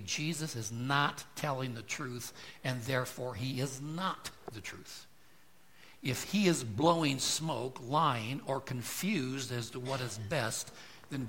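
A pastor preaching a sermon with emphatic rhetorical questions, his loudness swelling and dropping. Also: mid-range voice.

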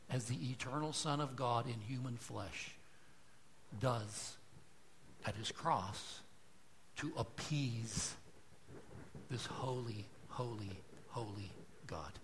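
A man preaching a sermon to a congregation, asking rhetorical questions and moving between hushed, soft passages and loud, emphatic lines. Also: mid-range voice, slight background noise. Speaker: pastor. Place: church.

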